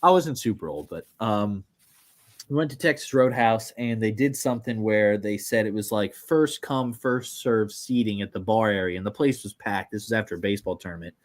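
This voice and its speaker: A man's voice: lowish voice, moderate pace. Rambling young man telling a story. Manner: rambling, animated storyteller with many fillers. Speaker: podcast co-host. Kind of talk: casual storytelling chat.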